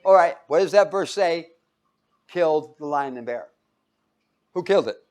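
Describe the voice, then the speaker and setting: Here a man with a higher, expressive, slightly mellow voice speaks at a moderate pace. He's a preacher running a Bible study, and his casual sermon unfolds like a story, full of chuckles and questions aimed at his audience.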